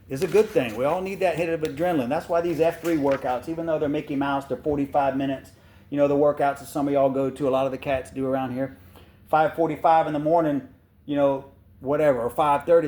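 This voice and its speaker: A man's voice: medium pitch, a little mellow, a little hiss or hum. A man, hosting a show. He reads aloud from a book and breaks off into blunt, folksy, fired-up rants. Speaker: podcast host reading a book aloud. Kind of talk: casual commentary mixed with reading aloud.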